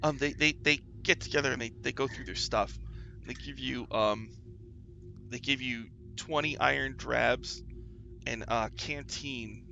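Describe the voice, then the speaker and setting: A man's voice: medium pitch, unhurried, creaky, pushed and bright, lo-fi sound, slight background noise. A man narrating a tabletop game as game master, often laughing and stumbling over restarts.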